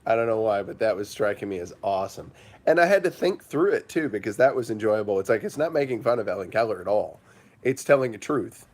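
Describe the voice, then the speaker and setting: A man's voice: fairly low pitch, expressive, fast, darkish tone. Rambling man hosting a morning livestream. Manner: rambling, with frequent fillers, breaks into laughter. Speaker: livestream host. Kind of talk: casual livestream chat.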